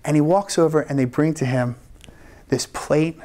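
A man, a rabbi, telling a personal story live at a story slam, animated and laughing often as he acts out the quoted lines. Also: a little high, normal speed. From United States. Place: event stage before an audience.

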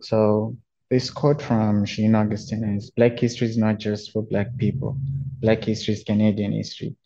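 A young man from Zimbabwe giving a student presentation on a webinar, explaining in a plain, slightly halting way. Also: on the low side, mellow. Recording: dull lo-fi audio.

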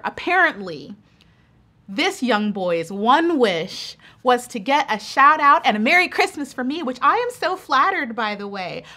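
A woman hosting her own reaction video, giving animated, sassy running commentary with bursts of excited exclamation. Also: fairly high pitch. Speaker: pageant reaction video host.

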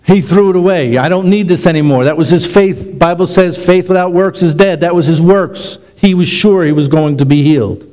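A middle-aged man, a pastor, preaching a sermon with animated delivery that slows down for emphasis. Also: high-pitched, poor audio.

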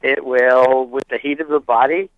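A man's voice: medium pitch, fairly even intonation, normal speed, no echo, narrow, tinny audio. A man calling into a radio show who makes dry jokes and explains his product plainly. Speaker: caller, business partner. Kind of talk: phone-in chat.

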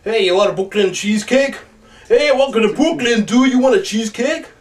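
A man's voice: extremely high pitch, a little fast. A man putting on a brash Brooklyn guy who keeps pushing food on someone. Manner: brash, repetitive hustling. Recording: distant mic with faint noise.

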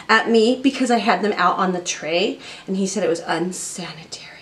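A woman's voice: medium pitch, brisk, hardly any pauses, fairly bright tone, slight background noise. A woman who breeds dogs, chatting casually on her vlog in a gushing, chatty way with lots of fillers. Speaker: dog breeder and channel host.

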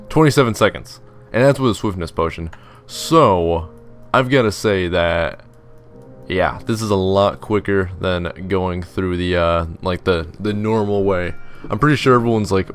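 A man's voice: low-pitched, moderate pace, faint music behind. A young man giving casual, rambling gameplay commentary, joking about himself and mimicking his commenters. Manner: chatty, rambling, self-mocking, mimics commenters in silly voices. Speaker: gaming video host. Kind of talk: casual let's-play commentary.

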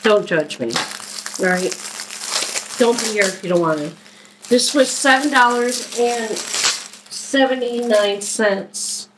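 Casual haul vlogger, woman from Philadelphia, slow easygoing delivery, faint hiss behind. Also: fairly high pitch. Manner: chatty, unhurried, talks while unpacking items. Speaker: vlogger doing a shopping haul. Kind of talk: casual haul video chat.

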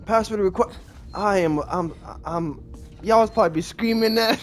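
A man's voice: sits high, big pitch swings, moderate pace. A man giving casual gameplay commentary, apologetic and rambling, with a lot of slang and self-mockery. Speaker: gaming video creator.

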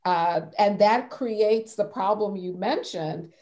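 A woman speaking as a panelist in an academic discussion, measured and thoughtful, often restarting her sentences. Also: medium pitch, dark tone.

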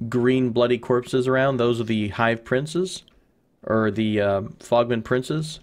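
A man's voice: mid-range voice, normal speed. A man hosting a let's play, giving casual gameplay commentary, chatty and rambling as he thinks aloud.

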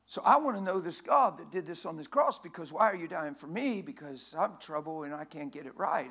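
A man preaching a sermon in a church, folksy and emphatic, often rising to a shout. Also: on the high side, brisk.

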